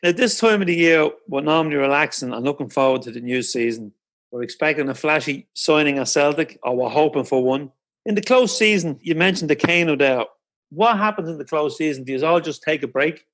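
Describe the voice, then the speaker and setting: A man's voice: on the high side, brisk, a bit bright. A man hosting a podcast interview, speaking with enthusiastic praise for his guest. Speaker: podcast host. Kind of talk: casual interview.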